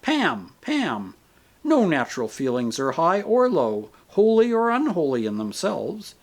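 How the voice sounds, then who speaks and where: A man voicing a gentle, patient male spirit who speaks calmly and kindly, reasoning with a grieving soul in an audiobook. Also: fairly high pitch, measured pace, full character voice. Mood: earnest, firm. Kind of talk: audiobook character reading.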